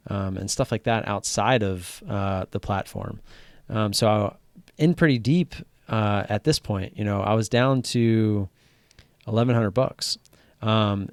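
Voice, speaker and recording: A man hosting a live stream about day trading, chatting casually and getting excited, swearing freely and restarting his sentences. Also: on the low side, clear, resonant tone, no echo. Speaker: livestream host talking day trading. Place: home streaming setup wearing headphones.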